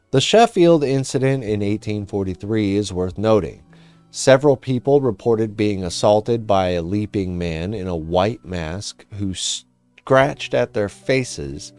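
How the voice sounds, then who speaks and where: A man narrating a folklore history in scripted form, measured and dramatic, with casual asides. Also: medium pitch, darkish tone, clear, resonant tone, no echo.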